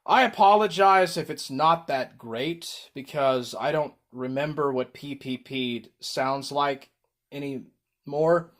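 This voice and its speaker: A man's voice: on the high side, slow, a bit bright. A man chatting casually on his livestream, rambling with frequent ums while reading chat.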